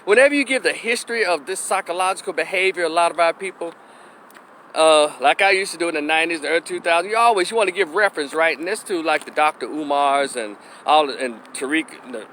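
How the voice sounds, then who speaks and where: A man's voice: fairly high pitch, fast talker, pushed and bright, slight background noise. A middle-aged man from Memphis giving a blunt, opinionated monologue for his vlog, now and then acting out the voices he quotes. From Memphis, Tennessee. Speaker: opinion commentator.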